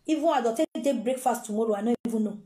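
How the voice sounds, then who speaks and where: A Nigerian woman telling a gossip story in an animated, exclaiming way and acting out the quotes. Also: fairly high pitch, racing, reverberant. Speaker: gossip vlogger.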